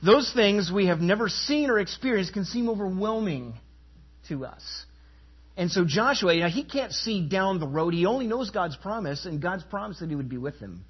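A man preaching a sermon in a slightly raised, husky voice. He leans hard on key phrases and throws questions out to the congregation. The recording sounds dull and lo-fi. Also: high voice, animated, moderate pace. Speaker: pastor.

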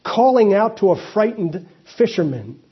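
Male pastor, husky and high, preaching loosely over a dull lo-fi recording. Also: big pitch swings, normal speed. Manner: conversational preaching with asides and restarts. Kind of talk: sermon.

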